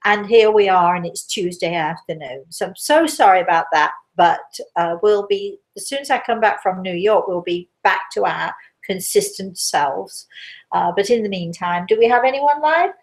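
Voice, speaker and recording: A woman's voice: on the low side, moderate pace. Chatty woman hosting a live stream. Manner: chatty, rambling, warm storytelling asides. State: a little out of breath. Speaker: host, medium. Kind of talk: casual live-stream chat.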